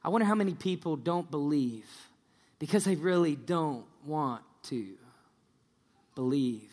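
A man's voice: a little high, a little slow. Man preaching in a reverberant hall. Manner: lively storytelling, acting out the people in the story. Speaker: pastor. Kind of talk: sermon. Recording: long church-hall reverb.

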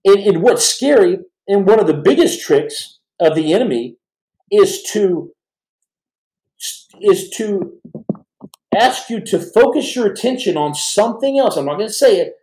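A man's voice: high-pitched, warm tone. A middle-aged man hosting a live podcast, talking fervently to viewers in a rambling way with many restarts. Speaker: podcast host. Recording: roomy echo.

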